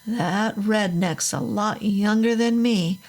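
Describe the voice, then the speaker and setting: A woman voicing a bitter, hard-drinking factory-worker father with a gruff, bellowing way of talking. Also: medium pitch, slow, darkish tone. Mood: grumbling.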